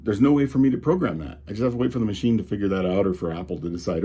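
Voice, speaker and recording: Exasperated low-voiced man with a Colorado drawl. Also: rapid-fire, hardly any pauses, warm tone, husky. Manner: exasperated, rambling with restarts. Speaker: tech commentator. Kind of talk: casual ranting monologue.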